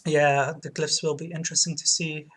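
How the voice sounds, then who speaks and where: A woman casually commenting on a retro game as she plays it, talking slowly with frequent fillers and light laughs. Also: low-pitched, flat delivery. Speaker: game streamer. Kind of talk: let's play commentary.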